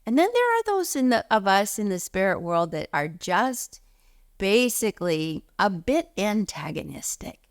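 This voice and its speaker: A woman giving a spiritual teaching talk, expressive, swinging between emphatic highs and soft near-whispers. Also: unhurried.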